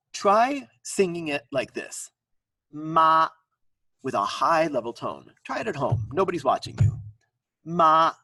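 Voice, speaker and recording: Animated man lecturing, mic set back. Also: medium pitch, husky, no room sound, far from the mic, rough recording. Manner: animated, sings out tones, playful asides. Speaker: university lecturer. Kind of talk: recorded lecture.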